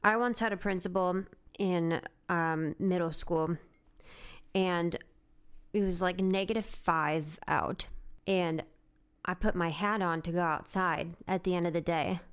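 Smooth-voiced woman, blunt opinions. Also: on the low side, steady tone, a little slow. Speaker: podcast co-host. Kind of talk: casual chat.

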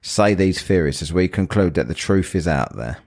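Guy rambling and cracking jokes on a podcast, lowish voice that swings around a lot. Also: animated, normal speed, a little mellow. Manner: jokey, rambling, laughs often. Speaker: podcast host. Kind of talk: casual chat.

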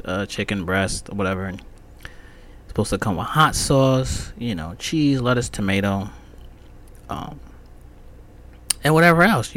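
A man rants casually on his solo podcast, cursing freely. His pitch leaps up and down as he gets worked up, and he tells the story with heated, animated irritation.

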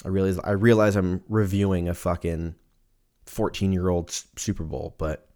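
Profane, rambling young man, low voice. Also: level tone, normal speed, darkish tone. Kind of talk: casual solo chat.

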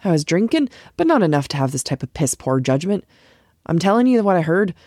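A woman's voice: on the low side, very animated, fairly quick, mellow, no room sound, studio quality. A woman reading the part of an anxious village man who insists on his warning. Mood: urgent. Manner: urgent, pleading.

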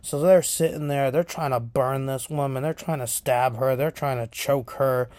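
A man hosting a podcast, casually retelling horror film scenes in a profane, animated way. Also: medium pitch, normal speed, no echo. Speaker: podcast host.

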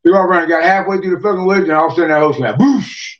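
A man's voice: high voice, rapid-fire. A man telling a long rambling story in casual chat, cursing constantly and padding with "man" and "you know". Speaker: podcast guest, moonshiner. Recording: dull lo-fi podcast audio.

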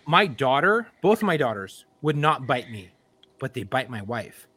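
A man's voice: mid-range voice, big pitch swings, unhurried, sharp tone, breathy edge, no room sound. A man co-hosting a podcast, blunt and crude, giving opinions in casual banter. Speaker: podcast co-host.

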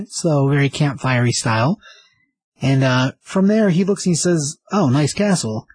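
Husky man rambling through a comic recap. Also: mid-range voice, expressive, unhurried, a little mellow, rough recording. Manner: rambling, enthusiastic summary with fillers. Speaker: comic book reviewer. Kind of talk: casual review chat.

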